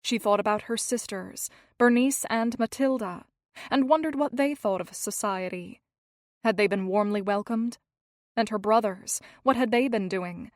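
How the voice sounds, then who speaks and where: In a clean, dry studio recording, a woman with a medium-pitched voice reads a historical romance audiobook. Her scripted narration is measured and expressive.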